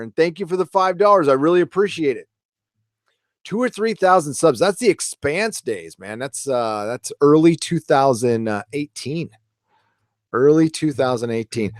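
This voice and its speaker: A man's voice: a little high, dry recording, clean studio sound. A man hosting a live stream, reading viewer comments in casual, rambling chat and swearing now and then.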